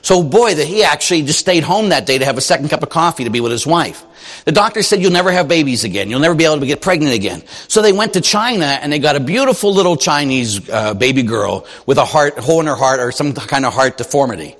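A man's voice: a little high, animated, fast talker, a bit bright, long reverb tail. A man preaching as a Catholic priest, telling stories animatedly and acting out the voices of the people he quotes. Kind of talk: sermon.

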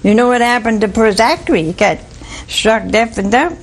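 A woman's voice: on the high side, lively intonation, moderate pace, slight background noise. A woman preacher giving a folksy sermon, telling stories with frequent chuckles and asides like "see?". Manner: folksy storytelling, chuckles often, asks "see?".

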